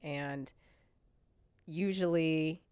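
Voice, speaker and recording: Montana woman in her 30s, kinda low voice, smooth, just talking openly on a podcast. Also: steady tone, extremely slow, a little mellow, no room sound. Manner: candid, chatty, with mild cursing. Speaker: podcast guest. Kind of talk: casual interview chat.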